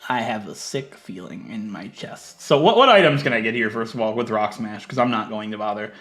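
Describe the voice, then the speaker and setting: A man giving casual gameplay commentary, chatty and thinking aloud, swinging from low muttering to loud mock outrage. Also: animated, a little fast, faint music behind. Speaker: let's play gaming creator.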